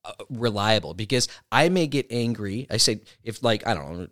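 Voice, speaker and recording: A man co-hosting a podcast with his wife, talking in a measured, explanatory way in casual chat. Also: fairly low pitch, animated, fairly bright tone, no echo, clean studio sound. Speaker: podcast co-host.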